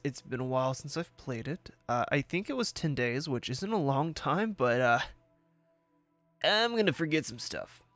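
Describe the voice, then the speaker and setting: A man's voice: on the high side, a bit bright, dry recording. A young man hosting a let's-play video, talking in a casual, rambling way and swearing often, sleepy as he plays. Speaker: gaming video host.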